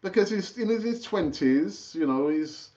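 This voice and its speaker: A man hosting a casual live-stream football chat, chatty and animated, rambling with fillers and restarts, his pitch jumping up when he gets excited. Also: measured pace, highs cut off. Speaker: football channel host.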